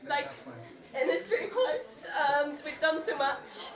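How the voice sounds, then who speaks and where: A woman's voice: high voice, expressive, takes it slowly. Tearful young woman giving a speech. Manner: emotional, broken sentences. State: tearful, laughing through tears. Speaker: family member giving a party speech. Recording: echoey room, distant mic, loud crowd.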